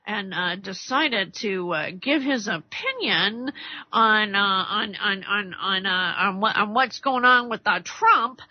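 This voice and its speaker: A woman's voice: mid-range voice, takes it slowly, dry recording. A woman hosting a radio talk show, delivering a rambling, heated political rant full of stammered restarts and acted-out quotes of arguments. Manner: acts out arguments by quoting others. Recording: dry, dull lo-fi radio recording.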